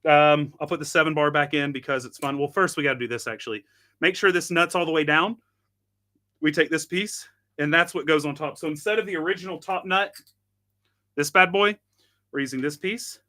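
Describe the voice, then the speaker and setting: A man's voice: fairly high pitch, fairly even intonation, a little fast, bright, forceful tone. A man hosting a casual live product demo, chatting and thinking aloud while he tinkers, with self-deprecating asides. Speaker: host.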